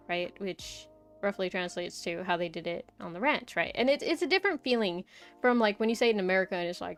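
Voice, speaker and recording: A woman's voice: medium pitch, a little fast, clear, resonant tone, soft background music. A young woman streamer chatting casually, rambling through a story with lots of "like" and "right?".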